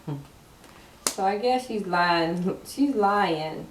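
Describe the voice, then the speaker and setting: A woman's voice: medium pitch, animated, takes it slowly. Teasing woman reading tarot, echoey. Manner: chatty, teasing the cards, laughs often. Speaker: tarot card reader. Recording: echoey room, mic at a distance, faint noise.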